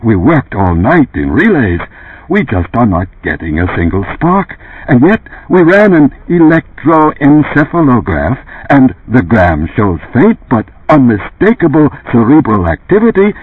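A man's voice: medium pitch, husky, no echo. Man playing a mumbling, nervous lab technician. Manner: mumbling, apologetic. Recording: tinny phone-like lo-fi sound.

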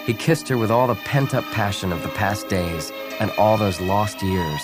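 A man reading a novel aloud as scripted narration, calm and even, speaking the characters' lines softly. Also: on the low side, moderate pace, over music. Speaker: audiobook narrator.

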